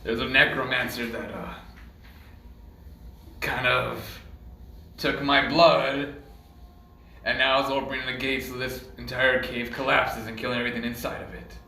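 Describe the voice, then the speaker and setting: A man's voice: medium pitch, flat delivery, unhurried, creaky, pauses often, pushed and bright. A man running a tabletop game as game master, narrating loosely with many fillers. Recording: echoey room, mic at a distance.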